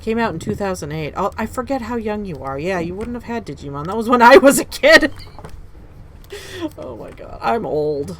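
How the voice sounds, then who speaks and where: A woman in her thirties, live-streaming a game and chatting in a casual, animated way that reacts loudly to the game. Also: medium pitch, a little fast, hardly any pauses.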